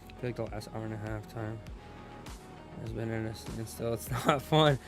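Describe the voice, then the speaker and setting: A man's voice: on the low side, steady tone, normal speed, music in the background. A young man hosting a casual livestream chat, laid-back and slangy, greeting viewers and laughing often. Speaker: streamer host.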